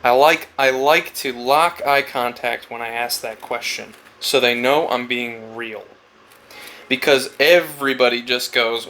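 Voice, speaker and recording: A man's voice: medium pitch, a little slow, a bit bright. A man talking casually and reflectively while carving wood, rambling through a story and acting out little conversations. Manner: rambling, storytelling, acts out quoted chats. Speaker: woodcarver vlogger.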